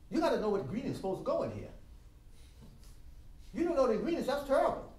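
An older man teaching a music masterclass, animated and emphatic, singing out rhythms with drum sounds in a classroom. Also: high voice, quick pace, pauses often. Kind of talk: masterclass lecture. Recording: roomy sound from a distant mic.

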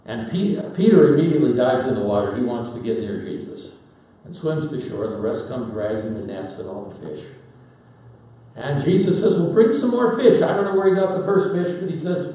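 A man preaching a sermon in a folksy storytelling manner with dramatic pauses. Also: a little high, mellow. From Pacific Northwest, United States. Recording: very echoey hall, voice from far off.

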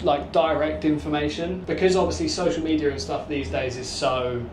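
A young man chatting as a vlogger on a walk, talkative and gently joking. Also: a little high, steady tone, moderate pace. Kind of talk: casual chat. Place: outdoors at a resort, walking and riding a cable car. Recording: noisy outdoor phone recording.

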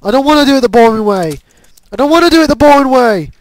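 A young man commentating a video game playthrough, excitable, laughing and swearing at what happens on screen. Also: very high-pitched, quick pace, no room sound, low-quality recording. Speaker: gamer commentator. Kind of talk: let's play commentary.

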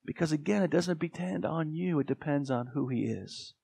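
A man's voice: fairly high pitch, lively intonation, normal speed, creaky, mellow, husky. A man with an American accent preaching a sermon as pastor, earnest and emphatic. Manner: earnest, emphatic, with dramatic quoted voices.

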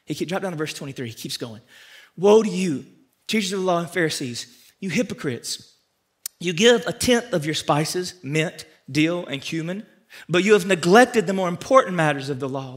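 A man pastor preaching a sermon, swinging from loud emphatic peaks down to quiet asides to the congregation. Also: lively intonation, moderate pace. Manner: preaches with sharp rises to loud emphatic peaks, then drops low and quiet.

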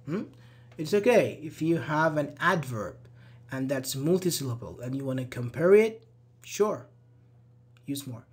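A man's voice: fairly high pitch, lively intonation, unhurried, long pauses. Patient man teaching an online grammar class. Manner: patient, checks understanding with frequent "okay?"; encouraging, praises students' answers. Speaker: English teacher.

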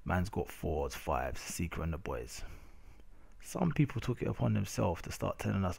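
A man's voice: sits low, sing-song, moderate pace, creaky, husky. A young man with a London accent, ranting casually over game footage with lots of slang and repeated "innit". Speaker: gamer narrating match footage. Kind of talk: casual rant over gameplay video.

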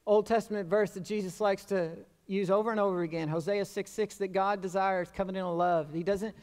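A male pastor preaches in a relaxed, talkative way, slipping in a joke at his own expense. His voice sits high for a man. The sound carries the long reverb of a church sanctuary. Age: adult with children. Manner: conversational preaching with self-deprecating humor and acted-out quotes. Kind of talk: sermon.

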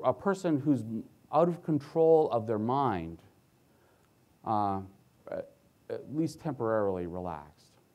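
A man's voice: medium pitch, darkish tone. A man who works as a physician, giving a conference lecture in an earnest way and telling stories about his patients. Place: conference hall stage.

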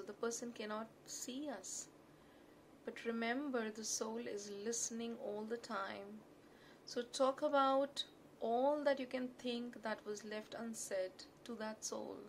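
A woman with an Indian English accent gives calm, gently reassuring advice as a therapist, now and then slipping into Hindi. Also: a little high, a little hiss or hum. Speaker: NLP therapist. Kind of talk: spoken advice talk.

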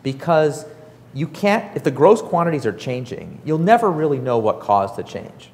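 A man giving a casual, animated talk to an audience, full of fillers and acted-out quotes. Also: on the high side, moderate pace, long reverb tail. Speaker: startup author and speaker.

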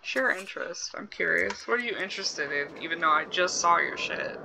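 A woman's voice: fairly low pitch, animated, normal speed, vocal fry, background noise. A woman hosting a game let's play, chatting casually, swearing freely and reacting aloud to what happens on screen. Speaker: gaming channel host.

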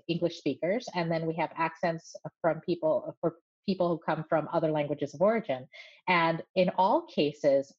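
A woman voice coach explains her work in a clear, measured and friendly manner. Her voice sits on the low side, and the recording sounds dull and lo-fi, like remote audio. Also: a little mellow. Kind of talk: interview guest.

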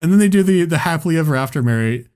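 A man on a podcast telling a story in a casual, profane, animated way and laughing as he goes. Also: on the high side, very fast, clear, resonant tone. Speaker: podcast host.

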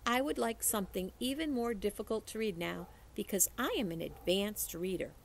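A woman's voice: mid-range voice, expressive, normal speed, gravelly, slight background noise. A woman voicing a prim, self-important schoolgirl in a read-aloud storybook. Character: prim, snooty schoolgirl who thinks she knows best.

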